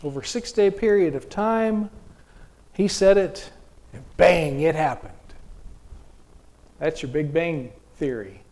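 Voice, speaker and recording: Folksy man preaching a lively sermon. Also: a little high, slow, long pauses. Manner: folksy, conversational preaching with many restarts and rhetorical questions.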